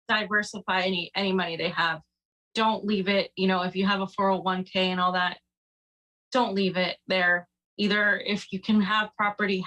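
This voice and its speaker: A woman co-hosting a casual news talk show, her voice bright and forward. She chats loosely and teases with dry sarcasm, filling gaps with "um" and "like". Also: medium pitch, low-quality recording. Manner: chatty, sarcastic, many fillers. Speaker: co-host.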